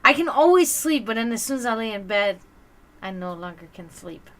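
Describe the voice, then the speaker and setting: Bright-voiced chatty woman streamer. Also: a little high, lively intonation, brisk. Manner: chatty storyteller acting out quoted voices. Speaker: livestream host. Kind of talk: casual livestream chat with viewers.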